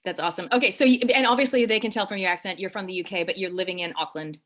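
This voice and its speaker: Canadian woman host in her late 40s, brisk and chatty, medium pitch, video-call sound. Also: fairly bright tone. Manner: upbeat, chatty, quick. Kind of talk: casual livestream interview.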